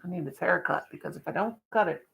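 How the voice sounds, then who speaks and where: A woman's voice: on the low side, fast talker, creaky, fairly bright tone. A woman chatting casually on her livestream, folksy and talkative, breaking into baby talk to her dog now and then. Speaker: livestream vlogger.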